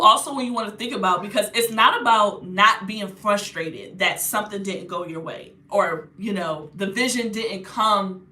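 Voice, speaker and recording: A woman's voice: medium pitch, bright, forceful tone. A young woman spiritual healer giving a casual motivational talk, blunt and slangy, often checking in with the viewer. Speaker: spiritual healer and astrology reader.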